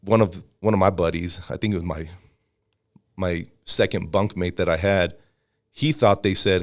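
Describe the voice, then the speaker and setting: Deep-voiced guy around forty, laid-back storytelling, does little voices for people he quotes. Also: moderate pace. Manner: relaxed, acts out quoted people in raised voices. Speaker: guest, MMA fighter and army veteran. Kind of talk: casual storytelling.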